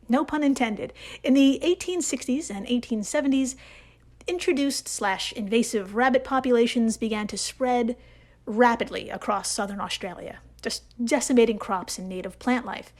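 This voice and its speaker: A woman's voice: a little high, normal speed. A woman hosting a comedic science podcast, talking in a playful, jokey way with swooping emphasis. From United States. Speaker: podcast host.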